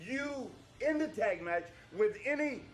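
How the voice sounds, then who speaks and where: A man's voice: very high-pitched, animated, measured pace. A male wrestling authority figure talking backstage in a hyped, placating, repetitive way. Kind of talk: backstage promo.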